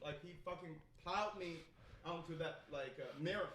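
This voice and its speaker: A man's voice: on the high side, normal speed, slight background noise. A young man from China, a comedian telling a story in casual, profane talk with many restarts. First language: Chinese. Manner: animated, profane, frequent restarts. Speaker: comedian guest.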